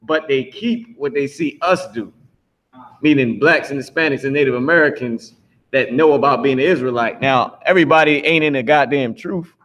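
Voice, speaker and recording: A man's voice: medium pitch, normal speed, a bit bright, low-quality recording. A man teaching a class, blunt and emphatic, swearing freely as he explains.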